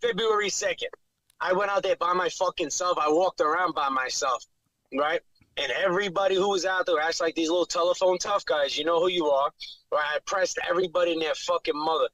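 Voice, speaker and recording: A man's voice: on the high side, fairly quick, a bit bright, no echo, poor audio. A man from New York City with a strong New York accent, a fighter talking brashly and profanely as a guest on a podcast. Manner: brash, profane trash talk. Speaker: bare knuckle fighter, guest. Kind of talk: casual podcast interview.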